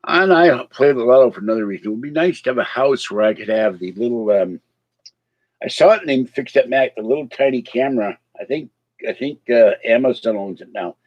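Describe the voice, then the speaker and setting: A man's voice: medium pitch, lively intonation, fairly quick, highs cut off. A man hosting a casual livestream, rambling with chuckling asides to chat, with a slight slur in his speech. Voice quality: slight slur from missing teeth. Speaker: livestream host.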